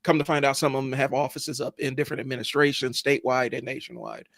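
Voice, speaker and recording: A man with an ordinary mid-range voice talks on a podcast in an easygoing way. He is sarcastic and animated and keeps reaching for "like" and "you know" as he goes. The mic is close and dry. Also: mid-range voice, quick pace, creaky, dry recording. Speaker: podcast co-host. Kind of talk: casual chat.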